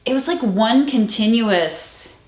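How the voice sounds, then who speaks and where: A woman's voice: fairly high pitch, lively intonation, takes it slowly, a little mellow. Chatty young woman in a roomy room. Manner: chatty, peppered with fillers and restarts. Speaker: co-host of a movie musical review show. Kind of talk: casual chat.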